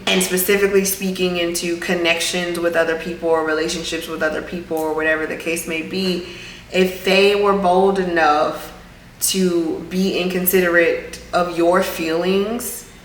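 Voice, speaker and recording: A woman's voice: fairly low pitch, fairly bright tone. A woman vlog host giving a casual, earnest motivational talk, often circling back to repeat her point. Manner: earnest, repetitive, reflective. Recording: roomy room with faint background hum.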